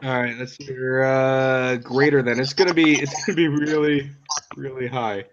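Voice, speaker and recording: A young man steering a student study group on a call, brisk and lightly wry. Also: mid-range voice, steady tone. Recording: dull audio with faint noise.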